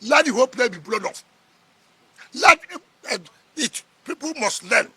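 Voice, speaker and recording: A man's voice: very high voice, expressive, unhurried, pushed and bright, slightly rough, dry recording. A middle-aged man with a Nigerian accent, a politician sparring in a heated press interview, combative and scoffing, repeating his words.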